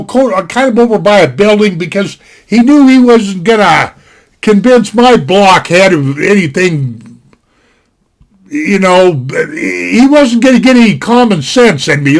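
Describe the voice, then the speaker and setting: An older man from Montana with a high-pitched voice spins a casual story at his desk. He rambles in a folksy way and keeps dropping "you know" asides. It sounds like a desktop mic in a home setting. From Montana, USA. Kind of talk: casual spoken anecdote.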